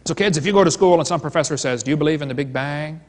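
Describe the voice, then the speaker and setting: A man's voice: fairly high pitch, rapid-fire. A man giving a live seminar lecture, telling stories and jokes and acting out his dialogues. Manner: joking storyteller, retelling dialogues. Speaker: creationist seminar speaker. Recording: long hall reverb.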